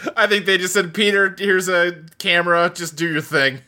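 A man's voice: sits high, level tone, a little fast, pushed and bright. A man co-hosting a casual podcast chat, laughing often and slipping into mock British accents. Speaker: podcast co-host.

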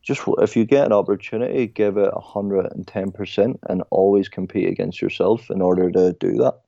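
A man's voice: low voice, steady tone, a little fast, vocal fry, warm tone, dry recording, muffled recording. A young Irish man chatting casually as a podcast guest, telling stories and calling people mate. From Ireland. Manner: chatty storyteller, says mate a lot. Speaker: guest, former soccer player. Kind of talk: casual podcast chat over a call.

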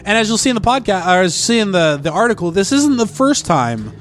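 A man's voice: high-pitched, very animated, fast, fairly bright tone, a little hiss or hum. A man co-hosting a podcast, reading a news article aloud with stumbles and joking asides. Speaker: podcast co-host. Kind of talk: casual podcast chat.

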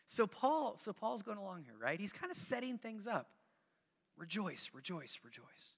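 A man's voice: high voice, big pitch swings, moderate pace, creaky, in a large hall. A man preaching a sermon as pastor, talking to the congregation in a conversational way, repeating phrases for emphasis and coaxing people to join in.

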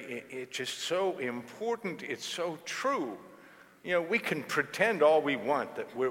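A man preaching a sermon like someone telling a story, relaxed and unhurried. His voice sits mid-range and carries a long reverb around the church. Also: mid-range voice. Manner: storytelling, conversational, animated. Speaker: pastor.

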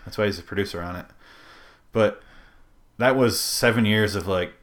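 Man, lower voice, podcast host, rambling, jokey, casual chat. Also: normal speed, a bit bright. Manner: rambling, jokey, swears freely.

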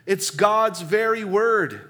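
A man's voice: sits high, slow pace, pushed and bright. A male pastor preaching a sermon in a conversational way, asking his listeners many rhetorical questions. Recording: long reverb of a large hall.

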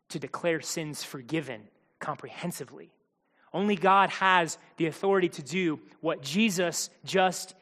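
A man's voice: sits high, fairly bright tone, big-room sound. A man preaching a sermon in a conversational, emphatic way, acting out the quotes he tells.

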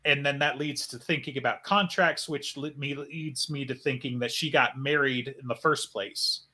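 This man co-hosts a podcast and chats casually, rambling with plenty of fillers. His voice is medium-pitched and bright, with a forceful tone, fairly even intonation and a moderate pace.

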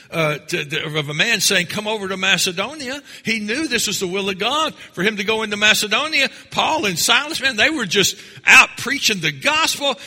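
A man preaching a fervent sermon as pastor, building from calm teaching to loud, emphatic exhortation. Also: a little high, slightly rough. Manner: fervent preaching, rising to shouts. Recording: long hall reverb.

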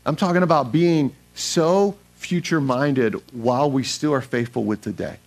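A man's voice: mid-range voice, normal speed. A male pastor preaching a sermon, emphatic, putting questions to the congregation and repeating phrases for stress. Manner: asks the congregation questions and answers them himself.

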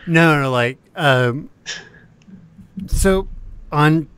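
A man's voice: a little high, extremely slow, a bit bright, clear, resonant tone, no room sound. A man from the American South co-hosting a podcast, rambling casually with frequent laughs and the odd curse. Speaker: podcast co-host. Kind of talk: casual chat.

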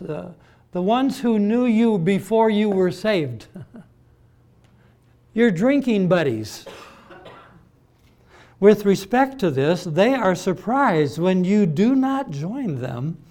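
Male preacher, unhurried, emphatic sermon delivery, a touch high-pitched. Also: darkish tone. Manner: deliberate, emphatic, with repeated words and mimicked voices.

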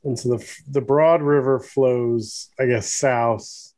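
A man co-hosting a casual podcast chat, thinking aloud as he talks, with many pauses and fillers. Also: medium pitch, fairly even intonation, a little mellow, no room sound. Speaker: podcast co-host.

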